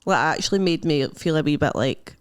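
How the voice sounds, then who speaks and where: A woman's voice: fairly quick, clean tone, no room sound, studio quality. Scottish woman telling a funny story. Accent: Scottish, Glasgow area. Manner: animated storyteller, acts out quotes in a higher voice, laughs often. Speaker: podcast co-host. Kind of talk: casual chat, storytelling.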